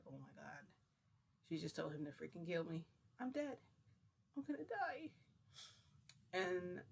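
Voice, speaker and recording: Brief: vlogger, mid-pitched adult voice, casual storytime, excitable and rambling, lots of fillers. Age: adult, parent.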